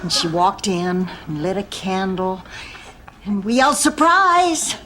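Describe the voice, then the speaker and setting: A woman's voice: medium pitch, big pitch swings, measured pace. An actress playing an earnest, rambling sitcom character who tells long stories, with a laugh track behind her. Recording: very noisy TV clip.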